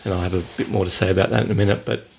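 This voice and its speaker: Man, podcast co-host, low gravelly voice, rambling and easygoing. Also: steady tone, very fast, a little mellow, a little hiss or hum. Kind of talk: casual podcast chat.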